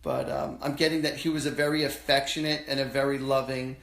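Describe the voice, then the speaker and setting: A man hosts a live psychic stream, his pitch sitting in a middle register. He talks loosely and haltingly, full of fillers, and drops into slangy quoted lines as he relays messages. The room around him rings with echo. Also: level tone, gravelly, a bit bright. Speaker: psychic medium host. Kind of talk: live-stream readings for callers.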